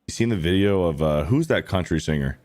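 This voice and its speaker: Lower-voiced animated storytelling man. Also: brisk. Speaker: sports show co-host. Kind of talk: casual sports chat.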